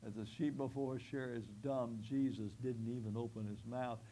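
A male preacher delivering a sermon with vivid, dramatic storytelling that rises into loud, forceful outbursts. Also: mid-range voice, steady tone, normal speed, slight background noise, low-quality recording.

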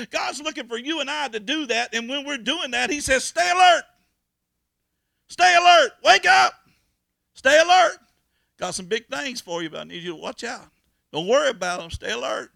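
A man preaches a sermon, his voice sitting high and gravelly. His tone is bright and forceful, and he swings from shouts to hushed pleas. The sound is dry and close, with no room around it. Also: no echo. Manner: folksy storytelling with laughs. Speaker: pastor.

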